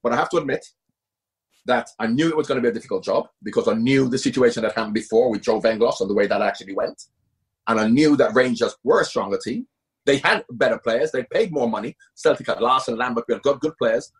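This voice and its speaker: Husky-voiced man, emphatic interview guest. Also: medium pitch, fast. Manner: emphatic, repeats himself, animated. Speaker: guest, former footballer and coach. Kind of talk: conversational interview.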